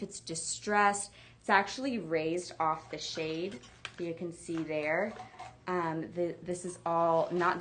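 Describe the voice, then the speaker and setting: A woman's voice: fairly low pitch, a bit bright. A woman hosting a live home decor shopping show, chatting casually with lots of fillers as she demonstrates products.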